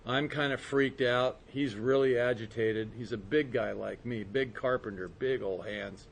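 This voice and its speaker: A man giving a personal recovery testimony to a group, earnest and storytelling, slowing and softening at quiet moments. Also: mid-range voice, steady tone, creaky, slight background noise. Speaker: speaker sharing his recovery story.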